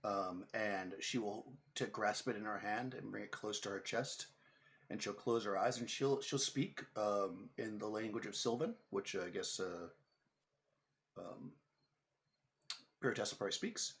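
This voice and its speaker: A man narrating as game master of a tabletop game, talking in halting bursts with many fillers. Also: fairly low pitch, fairly bright tone.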